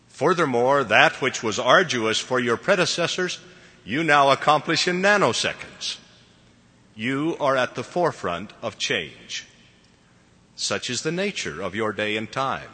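Solemn male church speaker, bright tone, long hall echo. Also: medium pitch, slightly rough. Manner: measured, formal, solemn delivery. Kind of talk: formal sermon address. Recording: long reverb of a large hall.

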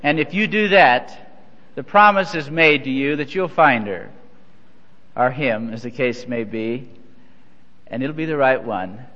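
A folksy older man from Missouri, a church leader, delivers a humorous sermon of anecdotes, poking fun at himself and chuckling. His medium-pitched voice is pushed and bright, and he takes his time. The hall recording sounds dull and echoey.

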